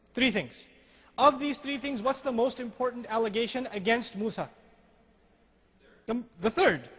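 A man giving an animated religious lecture, acting out the dialogue he quotes and reciting scripture between explanations. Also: sits high. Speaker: Islamic speaker. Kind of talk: lecture on Quranic language. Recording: lecture hall with long reverb.

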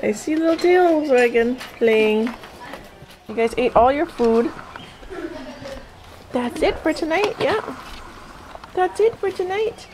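A woman's voice: high voice, lively intonation, takes it slowly, long pauses, noisy background. A woman filming her puppies, talking to them in sing-song baby talk and laughing often. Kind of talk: cooing at puppies while filming.

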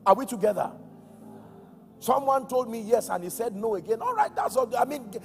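Nigerian male preacher, high and gravelly, swings from shouts to hushed lines; echoey church hall. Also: huge pitch swings, fairly quick. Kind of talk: sermon.

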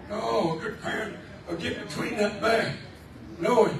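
A man preaching a fervent revival sermon, shouting out praise and repeating his lines. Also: high-pitched, moderate pace, vocal fry, crowd noise. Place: church sanctuary. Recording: echoey church hall, from far off, congregation around.

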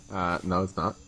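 Playful man, wildly lively pitch. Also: a little hiss or hum. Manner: playful, stumbling over words, laughing. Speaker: gamer. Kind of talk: casual gaming chat.

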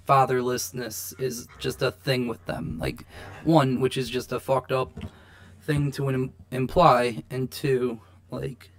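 A young man talking slowly through a rambling, exasperated reaction to a debate clip. His voice has a gravelly fry to it, and he swears freely as he picks apart what he has just heard. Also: mid-range voice. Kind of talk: casual commentary.

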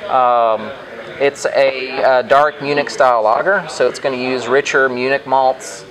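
A man working as a brewmaster, calmly explaining how the beer is made, with frequent ums and uhs. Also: mid-range voice, unhurried, crowd noise, low-quality recording. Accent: American. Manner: patient, knowledgeable, hesitant with ums and uhs. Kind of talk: explaining beer on a brewery tour. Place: brewery.

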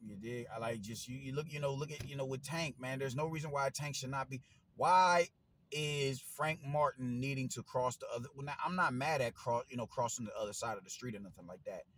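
A man, giving a casual opinion monologue as a boxing commentator, animated and slangy, swearing and repeating himself. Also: medium pitch, fairly quick, low-quality recording.

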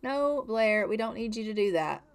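A woman's voice: on the high side, animated, normal speed. A young woman giving chatty, exasperated and dramatic commentary over a life-sim game. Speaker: let's play host.

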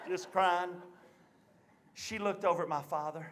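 A man's voice: high-pitched, moderate pace, long pauses. A man telling a stand-up story to a live audience, acting out his family's voices. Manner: animated, acts out family voices. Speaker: stand-up comedian. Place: live comedy show venue.

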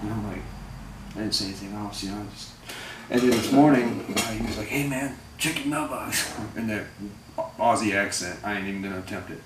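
A man's voice: on the low side, steady tone, fast talker, very noisy. A man telling a story casually to camera, rambling and profane, with lots of fillers. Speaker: vlogger. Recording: echoey room, voice far from the mic, clattering dishes.

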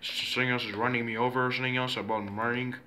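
A male voice recording himself in playful pretend play, rambling and repeating himself with many restarts. His tone is bright and forceful, at an ordinary mid pitch. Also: little pitch movement, rapid-fire.

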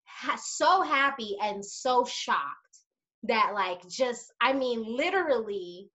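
Slightly high-voiced woman telling a story. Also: slow pace. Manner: animated storyteller, addresses viewers directly. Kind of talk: casual chat.

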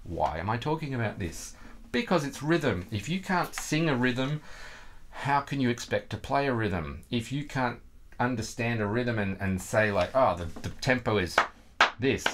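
A man's voice: mid-range voice, animated, normal speed, fairly bright tone, slight background noise. A man, teaching guitar in a casual video lesson, chatty and self-mocking, sometimes singing rhythms with nonsense syllables.

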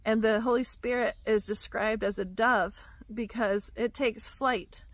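A woman giving a reflective devotional teaching about her dreams, speaking softly and pausing with fillers. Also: fairly high pitch, steady tone, dry recording. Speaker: Christian teacher sharing dreams.

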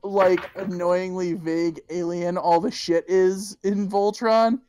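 A woman's voice: fairly low pitch, steady tone, takes it slowly, dark tone, clean tone, dry recording. A woman co-hosting a podcast in casual chat, joking and swearing freely. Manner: profane, joking, puts on silly voices. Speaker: podcast co-host.

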